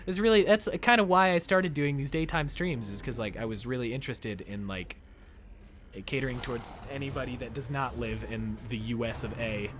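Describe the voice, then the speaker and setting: A man's voice: mid-range voice, brisk, slight background noise. A young man from the United States chatting casually with his viewers while he plays a game, joking and squealing with delight when things go his way. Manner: excitable, jokey, squeals when pleased. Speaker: game streamer. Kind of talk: casual live-stream chat while gaming.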